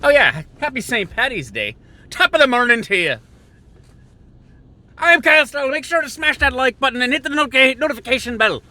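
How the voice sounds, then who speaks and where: A man putting on a hyper, shouty young Irish male video host with an exaggerated Irish brogue. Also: very high-pitched, big pitch swings, fairly quick, no echo, voice pushed up, heavily acted. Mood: excited. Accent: Irish brogue, put on. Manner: yelling, bouncy, over-the-top.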